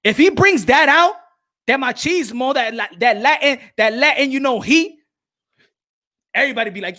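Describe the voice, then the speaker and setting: A man's voice: very high-pitched, lively intonation, moderate pace, pauses often, pushed and bright. A man, a boxer, giving his opinions in casual vlog talk, earnest and repeating himself often. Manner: earnest, repetitive, restarts often.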